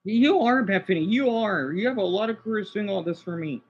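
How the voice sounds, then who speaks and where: A man's voice: high voice, fairly quick, husky. Agitated man on a lo-fi livestream. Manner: agitated, swearing, talking to chat. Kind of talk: casual livestream chat.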